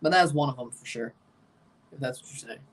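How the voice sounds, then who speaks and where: A streamer with a Southern US accent reacts to a soccer match in a laid-back live watchalong, chatting with viewers, responding to chat and calling the minutes. His mid-range voice is fairly quick with a fairly bright tone, recorded from a distance.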